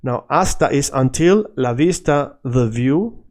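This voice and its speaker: A man teaching a casual video lesson, animated and drilling words by repetition. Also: medium pitch, measured pace. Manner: animated, switches between English and Spanish, repeats words for drill. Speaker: Spanish teacher.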